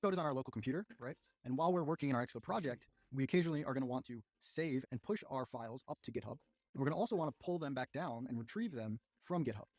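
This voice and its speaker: A man's voice: mid-range voice, expressive, very fast, darkish tone, no room sound. A man giving step-by-step instructions in a coding tutorial. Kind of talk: scripted tutorial narration.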